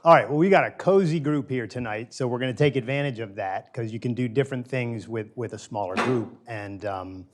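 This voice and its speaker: A man's voice: mid-range voice, a little fast, few pauses, noisy background. A middle-aged man giving an informal lecture to a small live group in a room, talking casually, polling the audience and repeating key phrases for emphasis. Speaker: guest lecturer.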